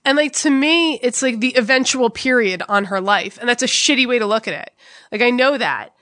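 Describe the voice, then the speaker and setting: A young woman co-hosts a podcast and tells her story in candid, conversational bursts. She is raw and blunt and swears freely. Her voice is bright and sits a little high. The studio sound is close and dry. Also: expressive, brisk, no echo. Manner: emotional, blunt and profane. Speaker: podcast co-host.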